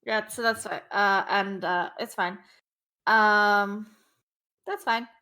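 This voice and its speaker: Slow, hesitant woman player. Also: mid-range voice, fairly even intonation, pushed and bright. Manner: apologetic, hesitant, many fillers. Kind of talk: playing a tabletop game.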